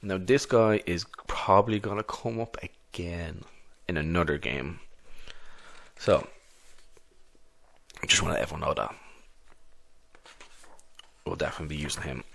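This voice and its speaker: A man's voice: sits low, normal speed, gravelly, long pauses, a bit bright. A man narrating a solo tabletop game in a casual, rambling way. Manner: casual, rambling, many restarts.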